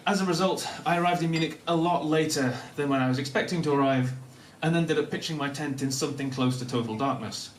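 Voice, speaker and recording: A young man with a softened Northern English accent tells a comic story on his own life, chuckling through it. His voice sits a touch high for a man. It is heard from a little way off in an echoey room, with a faint hum behind him. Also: fast, hardly any pauses. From Newcastle, North of England. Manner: self-deprecating, comic, laughing often through the telling. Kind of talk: live personal storytelling. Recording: echoey room, mic at a distance.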